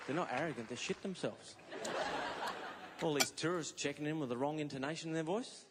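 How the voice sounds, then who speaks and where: A middle-aged Australian comedian, his voice on the high side and a little fast, performs stand-up before a live, noisy crowd. He tells stories and voices the characters in them with animated impressions while the audience laughs.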